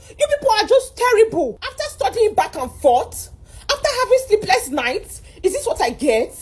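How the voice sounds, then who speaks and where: A woman's voice: extremely high pitch, sing-song, normal speed. A young Nigerian woman venting in a complaint video about her exam results, distraught and exclaiming, repeating herself. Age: young adult. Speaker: exam candidate.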